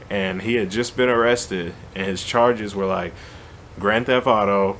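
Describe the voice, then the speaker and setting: A man tells a story in an animated, slangy, conversational way. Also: fairly low pitch, normal speed, slight background noise. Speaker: vlogger. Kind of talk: casual storytelling.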